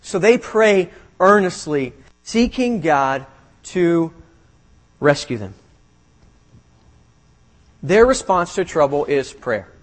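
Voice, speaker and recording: Male pastor with a high voice, preaching a sermon with animated retelling and hushed emphasis. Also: slow pace, long pauses. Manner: reads scripture, then retells it animatedly, drops low for emphasis.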